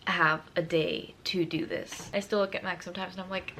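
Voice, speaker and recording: A woman's voice: lowish voice, steady tone, moderate pace, pushed and bright, a little hiss or hum. A young woman vlogger telling a personal story in a casual, gushing and emotional way, full of fillers.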